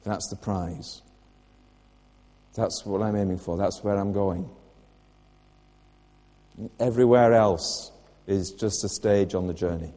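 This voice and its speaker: Older male preacher, deep and mellow. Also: steady tone, slow pace, long pauses, big-room sound. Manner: earnest, asks the listeners direct questions. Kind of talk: sermon. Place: church.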